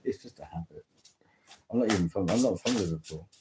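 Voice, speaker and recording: A man's voice: low-pitched, brisk, background noise. A man chatting casually through a tarot reading, rambling and interrupting himself often. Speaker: tarot reader.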